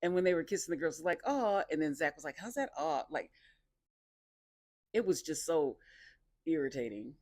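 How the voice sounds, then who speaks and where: A woman casually recapping a dating reality show, talking in an animated, sassy and exasperated way. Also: low voice, normal speed, pauses often, no room sound, clean studio sound.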